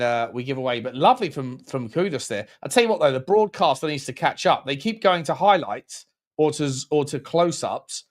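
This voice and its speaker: A man calls a football match live for his stream. He jokes, jumps up in excitement at chances, and thanks his viewers by name. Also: a little high. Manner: jokey, excitable, chats with viewers between plays. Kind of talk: live match commentary and chat.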